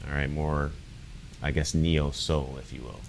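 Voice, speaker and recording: A man with an extremely deep voice talks easily as a guest co-host, laid-back and chatty, with plenty of fillers. A faint hiss sits under the recording. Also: steady tone, measured pace. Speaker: soccer head coach. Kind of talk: casual podcast chat.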